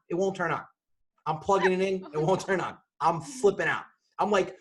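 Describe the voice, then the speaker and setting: A man telling a fast, animated comic story as a podcast guest over a video call, bursting into shouts at times. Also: on the high side. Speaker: comedian and guest. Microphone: video call on a computer.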